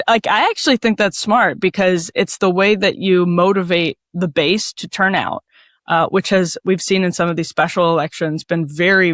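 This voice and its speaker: A woman's voice: lowish voice, a bit bright, no room sound. A woman giving political analysis as a panel guest, thoughtful and fluent, with frequent "uh" and "like".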